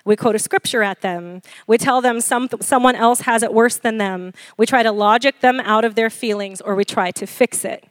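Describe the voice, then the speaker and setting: A woman in her forties preaching a sermon, animated and laughing often as she questions the congregation. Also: fairly high pitch, moderate pace, few pauses, no room sound, studio quality. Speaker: pastor.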